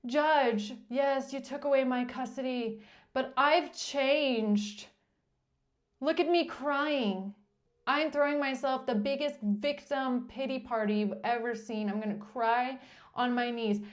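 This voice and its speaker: A woman's voice: sits high, slow. A woman voicing a whiny, self-pitying adult who pleads to a judge while playing the victim. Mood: whiny pleading.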